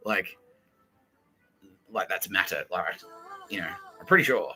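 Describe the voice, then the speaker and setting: Aussie podcast guy, low voice but really bright and forceful, swears constantly, swings his pitch all over doing people's voices, faint music behind. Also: animated, a little slow, pauses often, breathy edge, low-quality recording. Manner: swears a lot, mimics people in quoted asides, laughs often. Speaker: podcast host. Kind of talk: crude comedic podcast banter.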